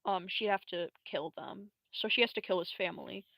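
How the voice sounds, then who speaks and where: A woman's voice: mid-range voice, moderate pace, vocal fry, a bit bright, dry recording, poor audio. A woman voicing an agency official who delivers grim news in a matter-of-fact way.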